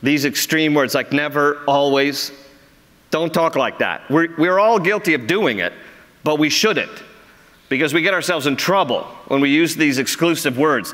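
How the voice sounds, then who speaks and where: A man's voice: a little high, moderate pace, fairly bright tone. A middle-aged American man preaching a sermon as pastor, often acting out quoted lines in a raised voice. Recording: long church hall reverb.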